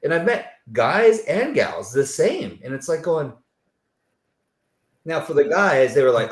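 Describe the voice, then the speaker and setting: A man hosting an interview, telling stories in an animated way and acting out the people he quotes. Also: on the high side, unhurried, pauses often, reverberant. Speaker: host. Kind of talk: conversational interview.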